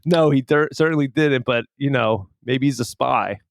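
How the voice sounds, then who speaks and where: A man's voice: medium pitch, normal speed, dry recording, clean studio sound. Laughing, chatty man on a podcast. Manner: laughs often, animated storytelling with acted-out quotes. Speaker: podcast co-host. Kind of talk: casual chat.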